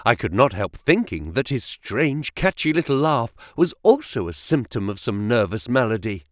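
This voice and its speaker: A male audiobook narrator reading a classic detective story in a measured, dramatic way. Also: medium pitch, sing-song, no room sound, studio quality.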